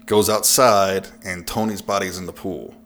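A man's voice: low voice, steady tone, moderate pace, a bit bright. A man casually recapping a horror film's plot on a podcast, laughing often. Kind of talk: casual film discussion.

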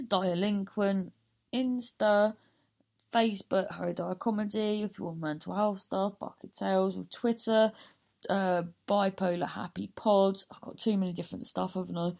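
Slow, gravelly woman comedian rambling. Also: medium pitch, a little mellow. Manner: rambling, self-mocking, loses her thread. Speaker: comedian and podcast host. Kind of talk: casual podcast sign-off.

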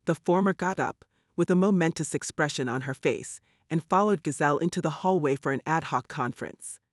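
Man, audiobook narrator, steady wry reading, fairly high voice. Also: brisk, dry recording, studio quality. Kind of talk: scripted narration.

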